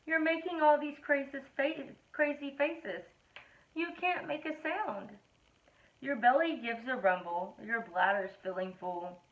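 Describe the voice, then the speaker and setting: A middle-aged woman reading funny children's poems aloud in a playful, animated storytelling manner. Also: fairly high pitch. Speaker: reader of a children's poetry book. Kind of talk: expressive read-aloud of children's verse. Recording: tinny phone-like audio.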